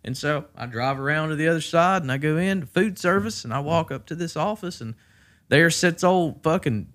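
A man co-hosting a podcast, telling stories in a casual, profane, animated way and acting out the people he quotes. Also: on the high side, brisk. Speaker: podcast co-host. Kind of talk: casual chat.

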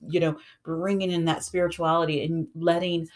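A podcast host and tarot reader talking through a personal journey in a casual solo monologue, earnest and reflective, sometimes a little raspy and mumbly when slowing down. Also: medium pitch, level tone. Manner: earnest, reflective, rambling storytelling.

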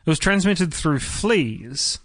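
A young Australian man co-hosting a podcast, casual chat with a joking, deadpan humor. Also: a little high, slow, no echo, studio quality. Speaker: podcast co-host.

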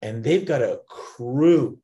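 A man hosts a casual interview and tells a story. He speaks in an animated way, with lots of quick restarts and repeated words. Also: medium pitch. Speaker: podcast host.

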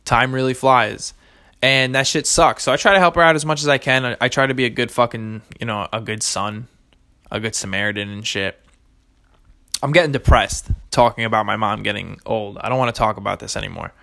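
A man's voice: mid-range voice, brisk, creaky, sharp tone. A young man hosting a solo podcast, rambling casually with lots of swearing and self-contradiction. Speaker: podcast host.

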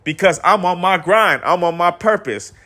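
A man's voice: high voice, lively intonation, normal speed, pushed and bright. A man hosting a podcast, delivering a motivational solo monologue in a preachy, repetitive way with slang and cursing. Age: adult with kids. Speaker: podcast host.

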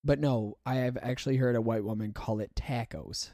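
A man's voice: medium pitch, fairly even intonation, moderate pace, warm tone. A young American man hosting a podcast, chatting casually with a loose, joking manner, swearing and laughing often. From United States. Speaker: podcast host.

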